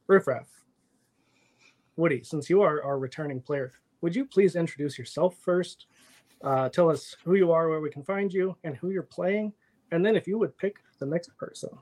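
A man acting as storyteller and game master, opening a tabletop stream in a loose, chatty way. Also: a little high. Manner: loose, chatty, self-interrupting. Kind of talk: casual stream intro.

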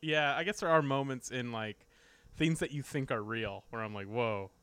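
A man co-hosting a casual podcast, reacting with quick, playful banter. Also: mid-range voice, fairly bright tone, clear, resonant tone, no echo. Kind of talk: casual chat.

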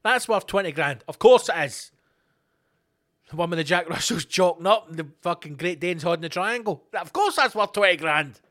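High-voiced sweary Scottish man ranting. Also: normal speed. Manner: sweary, animated, acts out little dialogues. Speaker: podcast host. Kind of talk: solo comedic rant.

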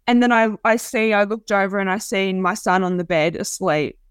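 A woman giving a raw, halting personal account, often restarting and repeating herself. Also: medium pitch, clean tone, no echo. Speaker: interviewee telling her story. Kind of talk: personal testimony.

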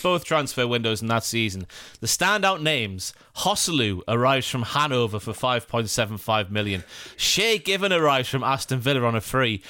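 Jokey man with a bright voice. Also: mid-range voice, no room sound, clean studio sound. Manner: jokey, reads listener mail aloud with playful asides. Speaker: podcast co-host. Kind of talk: casual football podcast chat.

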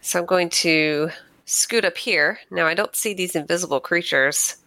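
A woman with a bright, fairly low voice talks through her turn in a tabletop game. She thinks aloud, catches herself and changes plans. The sound is dry. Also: normal speed, no echo. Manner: thinks aloud, fillers, self-corrections. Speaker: player. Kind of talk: casual tabletop play.

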